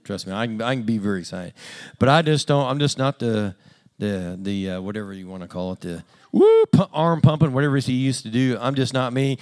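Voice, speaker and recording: A man's voice: fairly low pitch, brisk. A man preaching a conversational sermon in a plain-spoken, self-deprecating way with dry humor.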